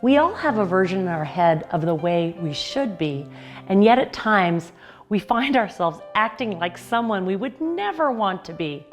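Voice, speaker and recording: A woman life coach giving a motivational talk, telling a client's story earnestly with emphatic pauses. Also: medium pitch, very animated, soft background music.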